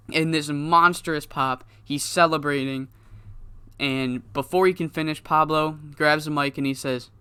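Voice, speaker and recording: A man talking through his playthrough in a smooth, clean voice. The sound is close and dry, with no room around it. His delivery is casual and rambling, with plenty of swearing. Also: on the high side, bright, forceful tone, no echo. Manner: loose, rambling, profane, laughs at himself. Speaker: gaming YouTuber. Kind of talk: casual game commentary.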